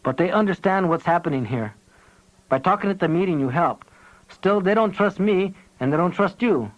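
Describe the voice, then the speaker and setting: A man's voice: high-pitched, animated, normal speed, dry recording, pitched above the performer's own voice. A man voicing a tough village woman organizing neighbors, earnest and blunt. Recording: dull lo-fi tape audio.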